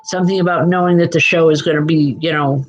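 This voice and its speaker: A woman's voice: low-pitched, fairly even intonation, quick pace, highs cut off, a little hiss or hum. A woman hosting a show of live spiritual readings, reassuring viewers by name and often checking in with "okay?". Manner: frequent fillers and restarts, checks in with "okay?". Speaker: psychic medium host.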